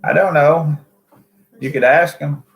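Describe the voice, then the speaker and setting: Easygoing Southern man, slightly high voice. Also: fairly even intonation, unhurried, vocal fry, lo-fi sound. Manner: easygoing, hesitant, many fillers. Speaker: livestream co-host. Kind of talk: casual livestream chat.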